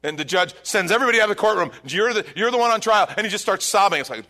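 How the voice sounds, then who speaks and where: A male pastor preaching a sermon, retelling a scripture story with emphatic, animated delivery. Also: high-pitched, very fast.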